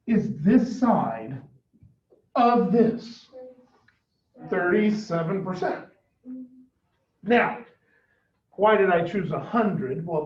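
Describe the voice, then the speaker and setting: A man's voice: high voice, a little mellow. A man teaching a math class, quizzing his students with questions as he explains. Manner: questioning, coaxing students for answers. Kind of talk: classroom lesson. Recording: echoey, distant, dull classroom recording.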